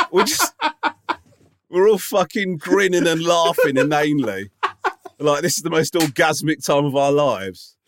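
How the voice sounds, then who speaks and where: A man's voice: on the high side, big pitch swings, unhurried, pauses often, background noise. A man co-hosting a podcast, chatting casually and teasing his co-host with mock-scolding banter. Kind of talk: casual chat.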